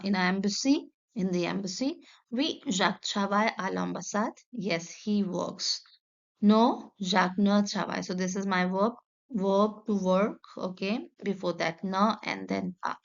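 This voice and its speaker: A woman teacher, slowly explaining a textbook lesson and repeating each example patiently. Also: mid-range voice, creaky. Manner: patient, repeats each sentence, many "okay"s and "uh"s. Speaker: French teacher. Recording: dull lo-fi recording.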